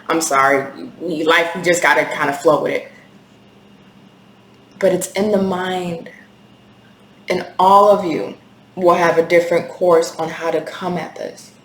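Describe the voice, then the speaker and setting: Woman doing a tarot reading, blunt and intense, swears a lot, roomy echo with faint hiss. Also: fairly low pitch. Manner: candid, intense, swears often. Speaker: tarot reader. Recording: echoey room with faint hiss.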